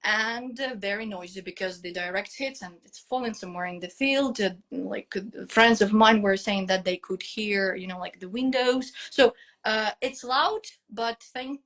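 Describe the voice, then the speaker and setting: A woman's voice: medium pitch, moderate pace, a bit bright. A Ukrainian-accented woman, speaking English as a second language, guesting on a live video interview. She talks hesitantly and emotionally, with many fillers and restarts. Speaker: guest teacher. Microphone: phone on a live video call.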